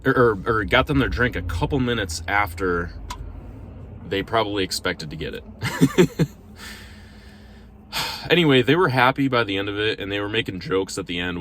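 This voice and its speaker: A man with a very low voice tells a casual vlog story into his phone while sitting in his car. He rambles and restarts sentences, filling gaps with "um" and "like", and sounds a little self-conscious. A faint hum of vehicle noise runs underneath. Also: normal speed, a bit bright. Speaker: restaurant server. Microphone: phone held in front of him.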